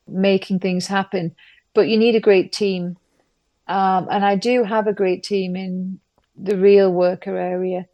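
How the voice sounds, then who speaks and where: Middle-aged English businesswoman, emphatic storyteller, steady mid voice, dry close mic. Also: mid-range voice, dry recording. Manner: brisk, emphatic storytelling with acted-out quotes. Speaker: interview guest, businesswoman. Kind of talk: candid conversational interview.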